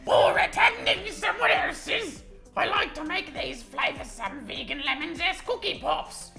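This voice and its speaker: A man doing a creaky witch-gremlin old woman. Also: extremely high pitch, animated, unhurried, over music, pitched above the performer's own voice, exaggerated voice. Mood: mocking. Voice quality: creaky, crackly. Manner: mock impression of the host reading aloud. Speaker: guest.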